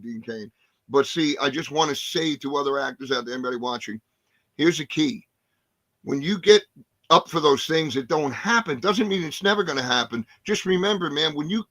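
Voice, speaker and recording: Older guy in his 60s telling war stories from acting gigs, swears a lot, bright punchy voice, dry close sound. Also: fairly high pitch, no echo. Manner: animated, profane, acts out scenes. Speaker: actor and guest. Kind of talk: casual storytelling interview.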